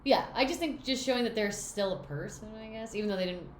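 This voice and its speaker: A woman's voice: mid-range voice, lively intonation, quick pace, echoey room, a little hiss or hum. A young woman co-hosting a book podcast, rambling and teasing as she retells scenes. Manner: rambling, teasing, restarts sentences. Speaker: podcast co-host. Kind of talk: casual book-club chat.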